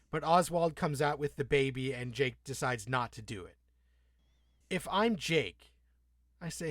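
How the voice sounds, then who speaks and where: A man co-hosting a casual TV recap podcast, talking in a profane, animated way and acting out the characters' lines as he retells scenes. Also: medium pitch, a little slow, pauses often, dry recording, studio quality. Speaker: podcast co-host.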